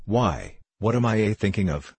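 A man voicing a cheerful old working-class father with homely, excitable speech. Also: fairly low pitch, normal speed, husky, dry recording. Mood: savoring.

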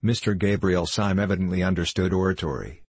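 A male audiobook narrator with a very deep, husky voice and a measured storytelling delivery. The recording is dry and close, with no room sound. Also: darkish tone, dry recording. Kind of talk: scripted narration.

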